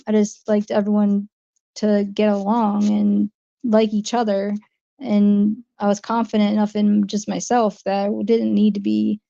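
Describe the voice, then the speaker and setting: Chatty New Jersey woman, gravelly voice. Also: mid-range voice, mellow, lo-fi sound. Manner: chatty, rambling, reads and answers viewer comments. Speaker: livestream host. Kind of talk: casual livestream chat.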